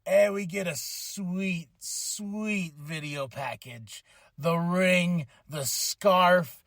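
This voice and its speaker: A fired-up man hosts his podcast, with a fairly high voice that jumps into excited shouts. The recording is close and completely dry. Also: very slow, no echo. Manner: enthusiastic, animated, shouts in excitement. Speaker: podcast host. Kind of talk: excited wrestling recap.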